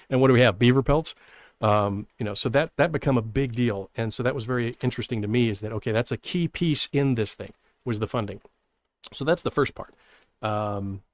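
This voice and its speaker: This history show host is a man who talks fast at a medium pitch, recorded on a dry close mic with no echo. It's a casual live-stream history talk, conversational, sprinkled with chuckles and plenty of "right?" asides.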